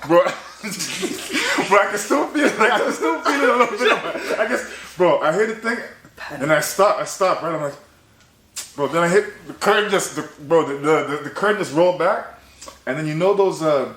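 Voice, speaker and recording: A young man hosting a podcast, telling a story in casual chat, animated and laughing, with "bro" in nearly every line. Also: sits high, normal speed. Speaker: podcast host. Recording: roomy echo, faint noise.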